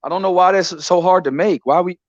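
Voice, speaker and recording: A man hosting a casual boxing chat on a live stream, excitable and repetitive, often tacking "man" onto his sentences. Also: high voice, fairly quick, no room sound. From Texas. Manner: excitable, repeats himself, says "man" a lot. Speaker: boxing show host. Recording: dry, dull lo-fi stream audio.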